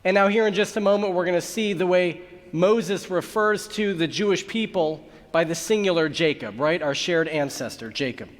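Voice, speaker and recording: A man's voice: sits high, moderate pace. A man who is a rabbi, giving a sermon and telling a joke as a story, acting out the voices of its characters. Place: large synagogue sanctuary. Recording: long hall reverb.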